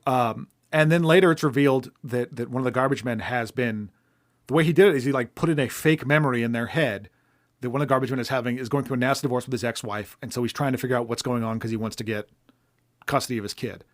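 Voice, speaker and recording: Male co-host, mid-pitch, casual rambling film-review chat. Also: fast. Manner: meandering, thinks aloud while critiquing. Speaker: podcast co-host.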